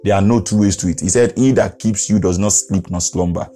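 A man's voice: low voice, brisk, mellow, soft background music. A man from Nigeria preaching a podcast sermon in an earnest, repetitive way, chuckling now and then.

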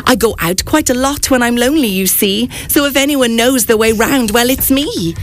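A woman's voice: fairly high pitch, normal speed, a little hiss or hum, natural voice. A woman voicing a timid, lonely little male mouse in a storybook read on the radio, eager and breathless.

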